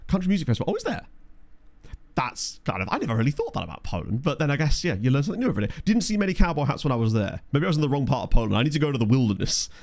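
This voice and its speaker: A man's voice: mid-range voice, a little mellow. A man with a chatty, jokey manner, live-streaming a management game and reading out stats while talking to chat.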